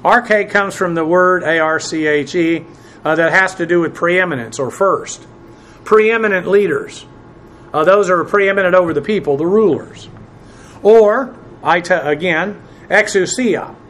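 High-pitched man teaching Bible Greek. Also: measured pace, a bit bright, slight background noise. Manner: spells out Greek words letter by letter, many "uh" fillers; presses emphatic points with rising force.

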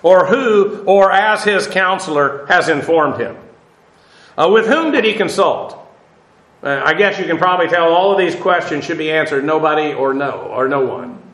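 A man gives a Bible study lecture in a noticeably high voice. He talks unhurriedly, dotting his points with "uh" and rhetorical questions. The recording carries a roomy echo. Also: animated, normal speed, a bit bright. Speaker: Bible teacher.

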